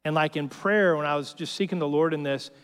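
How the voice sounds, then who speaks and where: A long hall reverb surrounds a male pastor whose smooth, slightly high voice has a fairly bright tone and moves fairly quickly. His sermon is casual and full of jokes, and he repeatedly asks the congregation "right?"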